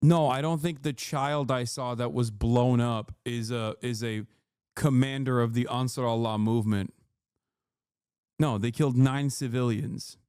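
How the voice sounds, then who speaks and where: A man's voice: mid-range voice, steady tone, unhurried, a little mellow, smooth, no room sound, clean studio sound. A man livestreaming a reaction to news, ranting angrily with heavy swearing and mocking jabs at his critics. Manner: heated, profane, mocking. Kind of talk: angry political rant.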